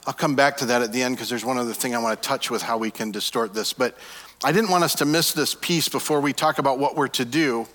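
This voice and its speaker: A man's voice: medium pitch, fast talker, big-room sound. Earnest male pastor preaching and praying. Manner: earnest, shifts between emphatic lifts and hushed soft phrases. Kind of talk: sermon with prayer.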